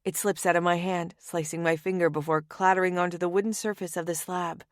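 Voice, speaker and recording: Brief: wry female narrator, lowish voice, close dry studio sound. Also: steady tone, a little fast, no room sound. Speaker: audiobook narrator. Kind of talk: first-person romance narration.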